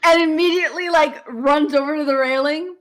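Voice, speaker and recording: A woman playing a tabletop role-playing game, upbeat and quick. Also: high-pitched, a bit bright. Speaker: player.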